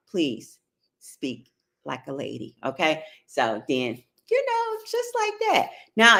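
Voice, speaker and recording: A woman's voice: fairly low pitch, a bit bright. A middle-aged woman with an African American Vernacular English accent, hosting a casual advice talk, blunt and profane, checking in with her listeners. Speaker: host giving relationship advice.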